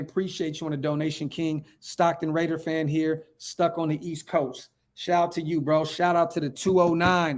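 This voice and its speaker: A man from Northern California hosting a casual fan livestream, reading viewer comments aloud in a hyped, slangy way and repeating his phrases. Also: fairly high pitch. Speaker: fan channel livestream host.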